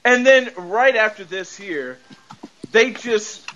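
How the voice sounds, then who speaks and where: A man hosting a podcast in casual chat, animated, laughing often and swearing freely. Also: high-pitched, slow pace, highs cut off. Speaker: podcast host. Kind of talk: casual chat recapping a show.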